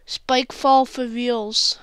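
Woman host for gameplay commentary: high voice, slow delivery, jokey, prone to sudden screams. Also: level tone, clean tone. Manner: jokey, bursts into screams and exclamations. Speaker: gaming channel host.

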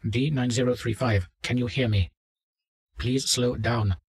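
A man's voice: mid-range voice, steady tone, measured pace, breathy edge, pitched above the performer's own voice. A man doing a clinical male doctor. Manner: polite, clinical, insistent. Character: calm, insistent male doctor at control.

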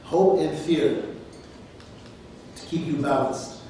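A man's voice: a little high, a little slow, long pauses, a little mellow, recorded from a distance, slight background noise. A man teaching the grammar of a scripture passage, explaining it patiently and drawing out key phrases. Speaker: Islamic teacher. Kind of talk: Quranic grammar lesson. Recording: echoey room, recorded from afar.

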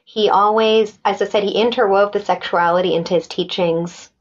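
A middle-aged woman recounts her own story on a podcast, slipping into the voices of the people she quotes and restarting her sentences often. Her pitch sits in the middle of the range, and the recording sounds a little dull and lo-fi. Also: moderate pace. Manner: animated, acts out quoted dialogue, many restarts. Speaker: podcast guest. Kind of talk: personal storytelling in an interview.

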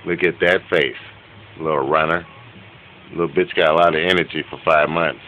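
A man filming his dogs at home on a handheld camera, giving an excited, laughing, profane running commentary that turns quieter near the end. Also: normal speed, muffled recording, a little hiss or hum. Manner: quieter and lower toward the end. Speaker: dog owner filming his pets. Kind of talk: casual home video commentary. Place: room in a home with a bed.

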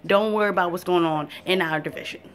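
A woman's voice: on the low side, fast talker, a bit bright. Fired-up cursing woman football fan. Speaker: sports fan vlogger. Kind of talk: profane football rant to camera.

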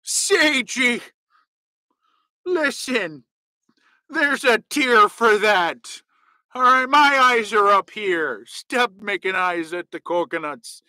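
A man's voice: high-pitched, animated, slow pace, bright, forceful tone, no room sound. A man hosting and answering comments in a rambling, jokey casual chat. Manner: rambling, jokey, goes off on tangents.

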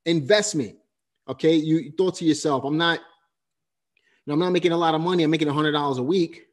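A man's voice: a little high, fast. A man hosting an interview, recapping the guest's points like a teacher and often tagging "right?". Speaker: host. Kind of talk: interview commentary.

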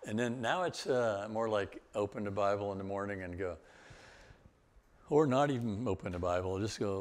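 A man's voice: fairly low pitch, normal speed. An older man, a guest speaker, telling travel stories in a loose, rambling way with chuckles and restarts. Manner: rambling, with laughs and many restarts. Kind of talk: storytelling talk.

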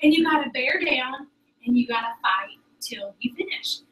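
High bright woman rallying a room. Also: moderate pace. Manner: chatty, animated, addresses the audience as "y'all". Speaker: sales director. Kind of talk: motivational talk to a group. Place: meeting room with an audience. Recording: roomy sound from a distance.

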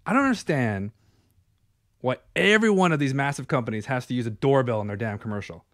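A man co-hosting a casual show, griping in an animated, comic rant. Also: medium pitch, quick pace. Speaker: co-host. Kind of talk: casual chat.

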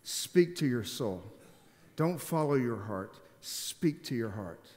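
A man's voice: mid-range voice, expressive, slow, a little mellow. A man preaching a sermon, emphatic, repeating key phrases and putting questions to the congregation. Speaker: pastor. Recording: long hall reverb.

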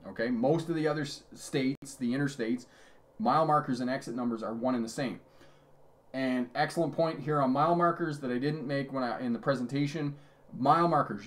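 A middle-aged man, a driving instructor, giving a live lesson, telling road stories with chuckles and reading out viewer questions. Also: mid-range voice. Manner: conversational, storytelling with chuckles. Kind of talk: live-streamed lesson answering chat.

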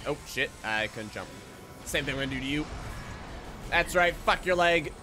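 A man's voice: a little high, moderate pace, noisy background. A man streaming video games, commenting live, swearing often and slipping into silly voices. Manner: excitable, swears a lot, jumps into silly put-on voices.

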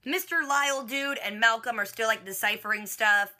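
A woman's voice: on the high side, normal speed, sharp tone. A young woman casually recapping a TV episode, slangy and chatty, with "like" sprinkled everywhere. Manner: chatty, slangy, filler "like" throughout. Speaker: TV reaction vlogger.

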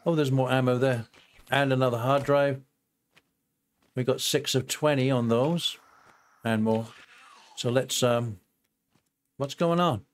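An older man with a mid-range voice talks through his gameplay in a relaxed, rambling way. He thinks aloud, breaks off mid-sentence, and keeps turning to his viewers. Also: medium pitch, a little slow, long pauses. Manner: chatty, thinks aloud with fillers and asides to viewers. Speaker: gameplay host. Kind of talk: casual let's-play commentary.

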